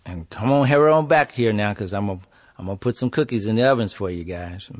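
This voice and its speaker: A man's voice: on the low side, natural voice. A man doing a scolding old aunt. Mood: bossy. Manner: drawling, scolding, murmurs "mm-hmm". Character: stern old woman neighbor, scolding but kind. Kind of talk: storytelling performance.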